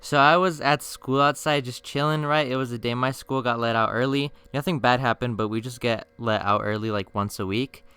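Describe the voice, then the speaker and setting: Bright-voiced young storytime youtuber. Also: male voice, medium pitch, fairly even intonation, moderate pace, hardly any pauses, clean tone. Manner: slangy, swears a lot, yells in mock outrage. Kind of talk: casual storytime narration.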